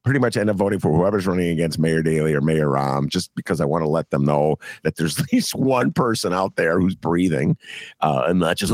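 A man, co-hosting a casual political chat podcast, rambling and animated, laughing often and full of fillers. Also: low voice, normal speed, no room sound, studio quality. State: recovering from a cough. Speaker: podcast co-host and columnist.

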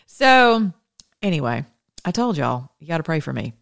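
A woman telling her viewers a personal story in a casual monologue, animated and blunt, with sudden leaps in pitch and loudness. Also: moderate pace, creaky. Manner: blunt and opinionated, swears and then apologizes. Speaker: mother sharing a personal story.

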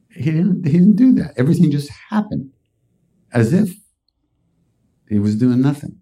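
A man's voice: on the high side, very animated, unhurried, pauses often, warm tone, breathy edge. A man hosting a spiritual podcast, telling a story in a casual, rambling way. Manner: casual, rambling, with fillers and restarts. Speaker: podcast host and spiritual teacher. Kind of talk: storytelling talk.

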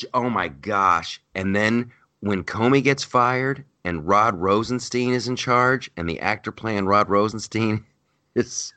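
A man hosting a podcast, retelling a show in an animated, mocking, comedic way. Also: slow. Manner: animated, mocking retelling with big pitch jumps. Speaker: podcast host. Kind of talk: casual comedic chat.

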